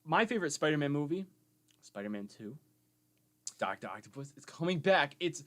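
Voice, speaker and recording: A young man co-hosting a casual nerd chat podcast, excitable, cursing and jumping in loudly. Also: fairly high pitch, moderate pace. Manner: excitable, swears, jumps in loudly. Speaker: podcast co-host.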